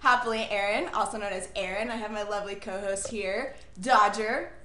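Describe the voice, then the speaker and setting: A woman hosting a casual podcast over a video call, bubbly and quick to giggle. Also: mid-range voice, steady tone, roomy sound, very noisy. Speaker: podcast host.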